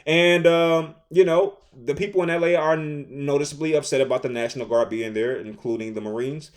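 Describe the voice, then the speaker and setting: A man in his thirties giving casual opinion commentary, animated and repetitive, with slang. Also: a little high, fairly quick. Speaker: commentary host.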